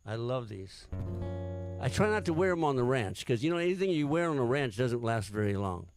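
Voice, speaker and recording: A man's voice: medium pitch, very animated, brisk, over music. A man, a singer-songwriter, telling a story between songs in a rambling, hesitant way with many fillers.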